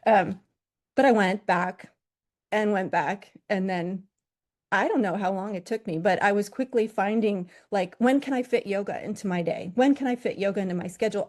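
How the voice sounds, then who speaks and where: A woman's voice: mid-range voice, normal speed, darkish tone. A woman in her forties, a yoga teacher from Los Angeles, telling her own story in a talk in an earnest, candid way with fillers and self-corrections.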